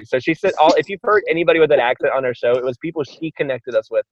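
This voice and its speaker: A man talks quickly and eagerly as a podcast guest, stringing stories together. His voice is dry, with a dull, lo-fi sound. The pitch sits in the middle. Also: dry recording. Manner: enthusiastic, chatty storyteller. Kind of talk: casual podcast chat.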